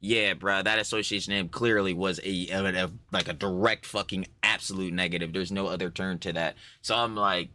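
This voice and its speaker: Low-voiced man riffing profanely. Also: steady tone, moderate pace, few pauses, bright, forceful tone. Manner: profane, rambling, lots of filler. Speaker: reaction streamer. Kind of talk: casual reaction talk.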